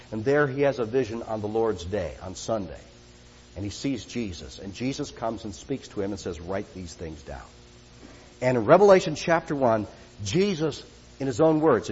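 A male pastor preaching with a breathy, husky edge and a lively, rising-and-falling delivery. His voice rings through a church sanctuary with a long echo. The recording sounds muffled and dull. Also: medium pitch. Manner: swings from shouted excitement to hushed intensity. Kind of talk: sermon.

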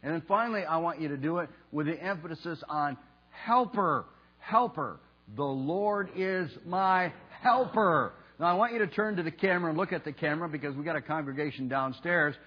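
A pastor preaching a sermon in a church, speaking slowly and emphatically and leading the congregation in call and response. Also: male voice, on the high side, breathy edge. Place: church sanctuary. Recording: dull lo-fi sound with mains hum.

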